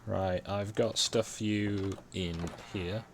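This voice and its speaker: A young man with a very low voice plays a game with a friend, muttering relaxed remarks to himself. A faint hiss sits under his voice. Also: takes it slowly. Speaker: let's play co-host. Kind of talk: casual gaming chat.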